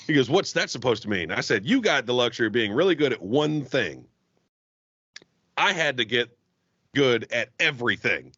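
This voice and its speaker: A man, an auto technician guest on a podcast, telling a story in casual chat with heavy swearing and animated ranting. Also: mid-range voice, normal speed, pauses often, slightly rough, no room sound. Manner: heavily profane, animated ranting. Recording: dull, dry lo-fi podcast audio.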